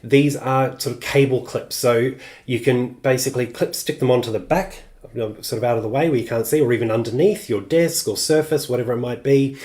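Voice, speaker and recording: A man's voice: medium pitch, brisk, a little mellow. Chatty man hosting a craft stream. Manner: chatty, loose, many ums and uhs, answers viewer comments. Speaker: crafting tutorial host. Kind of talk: live-streamed craft tutorial.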